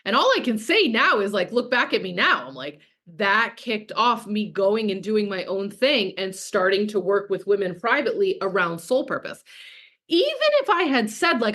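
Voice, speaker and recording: A woman's voice: mid-range voice, animated, normal speed, a bit bright. A woman in her thirties, a business coach talking casually and frankly with frequent swearing, reading out and answering chat comments. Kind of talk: coaching call.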